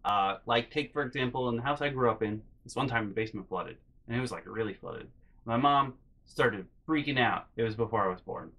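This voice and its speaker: A young man telling comedic personal stories in a rambling, animated way, with loud acted-out outbursts. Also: mid-range voice, fairly quick. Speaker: storytelling vlogger.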